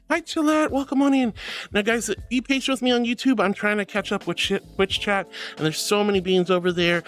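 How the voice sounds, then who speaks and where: A woman streaming as a VTuber, casually reading chat with bubbly, affectionate warmth, calling viewers sweetie and honey. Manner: playful, swings between squeaky highs and low mutters.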